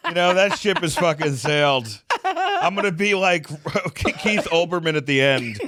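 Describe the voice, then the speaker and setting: A man's voice: a little high, sing-song, unhurried, sharp tone. An American man co-hosting a podcast, loose and profane, joking at his own expense. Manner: loose, profane, self-mocking. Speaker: podcast co-host. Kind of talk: casual banter.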